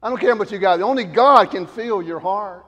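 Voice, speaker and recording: A man preaching a sermon to a congregation, swinging from loud shouted emphasis down to low, quiet asides. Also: moderate pace, long reverb tail, dull audio.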